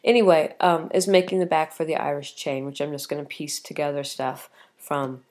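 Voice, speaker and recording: Middle-aged woman, casual vlog chat, low voice, rambling and tired. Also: steady tone, normal speed, a little mellow. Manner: chatty and rambling, with many ums and restarts. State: tired with a cough. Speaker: vlogger.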